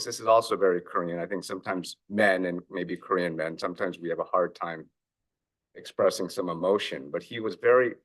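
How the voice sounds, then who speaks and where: A middle-aged man gives a keynote talk from the stage. His voice sits fairly low. He speaks reflectively and often acts out bits of family dialogue as he tells his stories. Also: a bit bright. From United States. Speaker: author and investor giving a keynote. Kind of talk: conference keynote speech.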